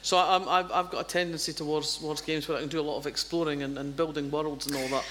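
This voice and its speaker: A woman's voice: low-pitched, steady tone, fast, fairly bright tone, a little hiss or hum. A Scottish woman from Fife, a novelist guest chatting casually, often restarting sentences and chuckling. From Scotland, Fife. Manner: hesitant, repeating starts, chuckling. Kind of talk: casual chat.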